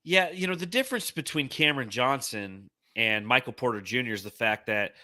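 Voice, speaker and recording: A man with a bright, forceful voice co-hosts a casual sports podcast. He talks in energetic, upbeat bursts. The sound is dry and close, with no room around it. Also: mid-range voice, brisk, dry recording. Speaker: podcast co-host.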